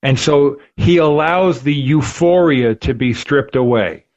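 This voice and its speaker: A man's voice: mid-range voice, a little slow, a little mellow. Earnest preacherly man, dull lo-fi sound. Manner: earnest, preacherly emphasis with repetitions. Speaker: podcast host. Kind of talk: faith podcast conversation.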